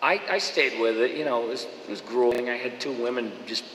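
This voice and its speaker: Animated man in an echoey hall. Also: medium pitch, a little hiss or hum. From Boston. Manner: animated, slips into quick impressions. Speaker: voice actor at a fan Q&A. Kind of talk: casual anecdotal chat. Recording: echoey hall with long reverb.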